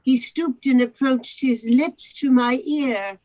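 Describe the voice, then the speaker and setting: A woman narrating a novel aloud, expressive, with occasional stumbles over the words. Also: sits high, slow, poor audio. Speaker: narrator in a charity readathon.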